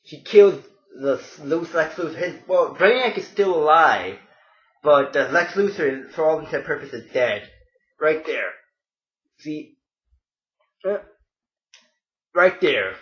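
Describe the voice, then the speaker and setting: An excitable man walks through comic panels, calling out to his folks. His voice sits a little high and bounces around an echoey room. The recording is dull and lo-fi. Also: slow pace, long pauses. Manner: excitable, addresses viewers as folks. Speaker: comic book video host. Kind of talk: casual walkthrough of comic panels.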